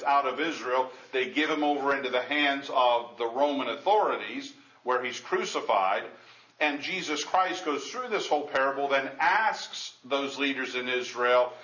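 A man with a sharp, medium-pitched voice teaches the Bible in a conversational sermon, often restarting as he reads scripture in archaic, formal language. The sound is an echoey, dull lo-fi room recording.

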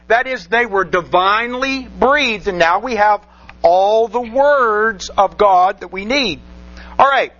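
A man's voice: high voice, fairly bright tone, muffled recording. A man preaching a sermon, reading scripture aloud and repeating phrases for emphasis with rhetorical questions.

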